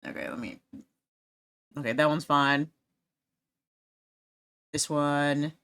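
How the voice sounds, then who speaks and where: While drawing on stream, this woman chats loosely, giggling a lot and joking at her own expense as she rambles. She has a low voice with a steady tone, a slow pace, and a slightly bright, clear, resonant quality.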